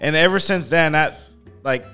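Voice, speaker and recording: A man in a casual movie debate who talks in an animated way, swears often and cuts in on the others. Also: on the high side, normal speed, clear, resonant tone, soft background music. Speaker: podcast co-host.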